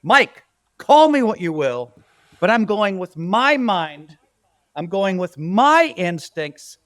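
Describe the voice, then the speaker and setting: A man's voice: high voice, big pitch swings, slow, fairly bright tone, no echo, studio quality. A man hosting a casual sports podcast, ranting emphatically and bantering with his co-hosts. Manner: emphatic, bantering, rant-style delivery. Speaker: podcast host.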